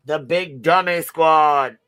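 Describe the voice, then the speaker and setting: A man's voice: a little high, takes it slowly, a bit bright, smooth. A man hosting a livestream panel, mocking people on stream, laughing often and swearing freely. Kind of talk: profane livestream commentary.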